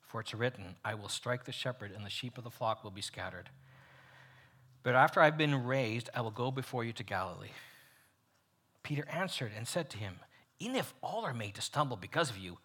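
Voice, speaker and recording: Husky, animated man teaching the Bible. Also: mid-range voice, moderate pace. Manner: animated, swings from loud emphasis to near-whisper.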